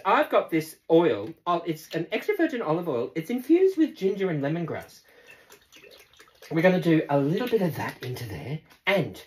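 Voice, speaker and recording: Woman, casual cooking host, lower voice with lively melody, playful sing-song asides. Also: slight background noise. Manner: chatty, laughs often, talks to viewers. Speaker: cooking demonstrator.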